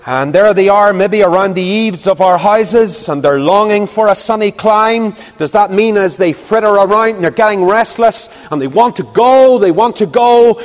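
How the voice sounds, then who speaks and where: A man's voice: high-pitched, long reverb tail. A man preaching an impassioned sermon, full of rhetorical questions and repeated phrases.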